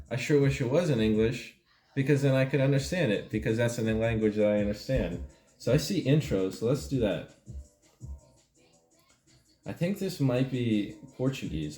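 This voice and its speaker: Comic host, male, dark mellow voice, playing dumb in a fake tutorial, roomy room with faint music. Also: lowish voice. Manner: feigned confusion, deadpan rambling. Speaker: comedic video host. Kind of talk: mock language tutorial, casual chat.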